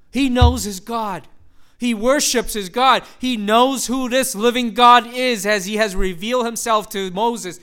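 A man's voice: very high-pitched, moderate pace, sharp tone, clear, resonant tone. A man preaching a sermon, reading scripture aloud and acting out the quoted voices with animation. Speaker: pastor.

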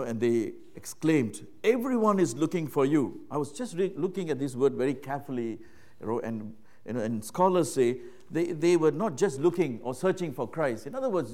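A man preaches a conversational sermon peppered with "you know" and "right?", shifting from hushed, low talk to loud, raised passages.

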